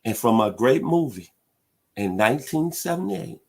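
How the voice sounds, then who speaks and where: A middle-aged man hosting a sports talk show, hyping teams in an animated, preacher-like way. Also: medium pitch, normal speed, creaky. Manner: animated, preacher-like hype with loud hog calls.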